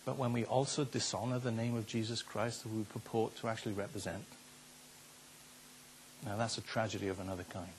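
A man's voice: on the low side, fairly even intonation, brisk, a little hiss or hum. An older man, a pastor preaching a sermon in an earnest, conversational way, often repeating his words. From Wales.

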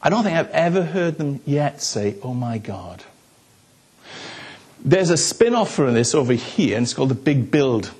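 A man's voice: on the high side, expressive, moderate pace, few pauses, darkish tone, husky. A man, from Wales, preaching a sermon as pastor and telling stories with asides to the congregation. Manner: chatty storytelling with asides to the congregation.

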